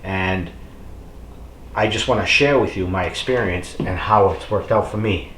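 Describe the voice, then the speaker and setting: A man's voice: deep voice, unhurried, a bit bright, reverberant, a little hiss or hum. A middle-aged man talking casually to camera, rambling with many fillers and urging his viewers on. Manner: encouraging, addresses viewers as folks. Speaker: fitness vlogger. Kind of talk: casual motivational talk to camera.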